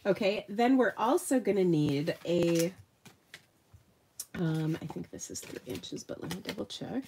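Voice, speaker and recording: A woman's voice: on the low side, big pitch swings, unhurried, mellow, slight background noise. A middle-aged woman hosting a live card-making tutorial, chatty and self-deprecating as she thinks aloud while she works, her voice slightly nasal. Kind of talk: live crafting demonstration.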